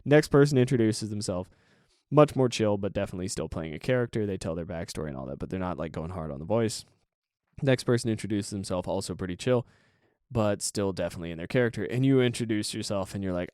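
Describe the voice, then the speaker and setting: A man with a low voice talks through a story in a loose, chatty way, full of asides and fillers. The sound is dry and close, with no room echo. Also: lively intonation, fairly quick, a little mellow. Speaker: podcast host. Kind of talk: casual storytelling monologue.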